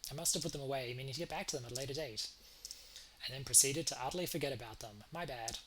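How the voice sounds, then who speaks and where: A man's voice: medium pitch, fast talker, a bit bright, slight background noise, lightly acted, rough recording. A man reading the lines of an affectionate elderly cat in a game, calling his partner darling. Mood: fond. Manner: fond, reads dialogue aloud. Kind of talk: reading game dialogue aloud.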